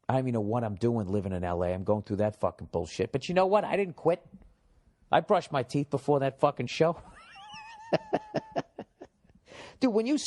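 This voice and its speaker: A man hosting a comedy podcast, telling stories and reading listener mail in a blunt, profane, mocking way. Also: mid-range voice. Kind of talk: casual podcast rant.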